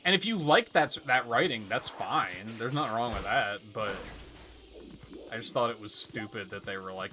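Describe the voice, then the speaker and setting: A man's voice: fairly low pitch, expressive, moderate pace, sharp tone, faint music behind. A young man streaming a video game, chatting casually with viewers in a rambling, exasperated way. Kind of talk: casual gaming stream chat.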